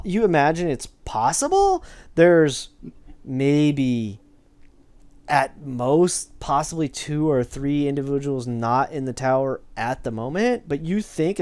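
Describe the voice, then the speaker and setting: A man running a tabletop game, talking through the scene in loose, hedged, rambling narration. His pitch rises and falls a great deal, and his voice is recorded close and dry. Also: a little mellow, no echo. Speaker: game master.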